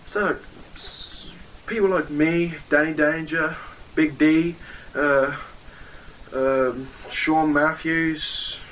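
A man's voice: fairly high pitch, steady tone, takes it slowly. A young English man cutting a boastful, profane wrestling promo and taunting a rival. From England. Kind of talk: trash-talking wrestling promo. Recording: dull lo-fi home video with faint noise.

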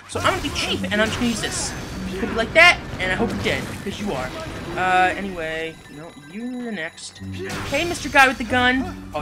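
A man giving casual let's play commentary, swearing and shouting at enemies as he plays. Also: sits high. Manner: swears and yells at enemies, loud angry outbursts. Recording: game music behind the voice. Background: video game music.

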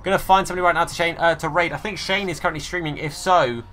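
Excitable streamer, bright and lively. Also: male voice, a little high, racing, faint music behind. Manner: excitable, shouts at the game, chats with viewers. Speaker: game streamer. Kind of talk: live gameplay commentary.

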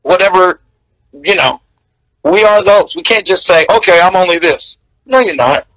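A man, a guest telling stories in a candid, animated way. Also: high-pitched, moderate pace, dry recording, rough recording. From American South. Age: 60s. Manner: animated, candid, laughs between memories. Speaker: interview guest. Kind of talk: storytelling in casual interview.

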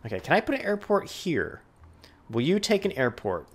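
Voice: mid-range voice, sing-song, moderate pace. A let's play host doing gaming commentary, ranting at the game and talking to it as if it were a person.

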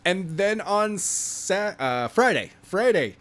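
A man co-hosting a casual wrestling podcast, joking around and making quick asides. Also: sits high. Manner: jokey, animated, quick asides. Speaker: podcast co-host.

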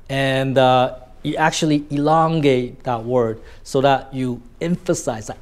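A man's voice: medium pitch, a little slow, few pauses. A man with a Vietnamese accent teaching a spoken lesson on tone of voice, stretching out key words for emphasis and tagging many sentences with "right?". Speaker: communication coach.

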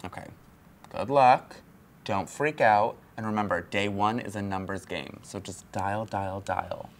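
A woman playing a gossipy, very low-voiced office mentor. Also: measured pace. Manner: gossipy, whispers asides, laughs often. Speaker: veteran telemarketer mentoring a new hire. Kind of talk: comedy audio drama acting.

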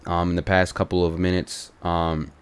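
A man's voice: low voice, level tone, moderate pace, clear, resonant tone. A man chatting casually while playing a comic game role-play, rambling in slang with lots of fillers. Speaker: gaming content creator.

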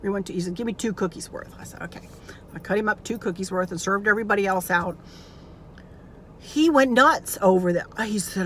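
A woman's voice: mid-range voice, brisk, breathy edge. A woman telling a family story to her viewers in a casual chat, acting out what people said. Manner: chatty, storytelling, acts out quotes. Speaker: craft channel vlogger. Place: inside a car. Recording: noisy car interior. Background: car and road noise.

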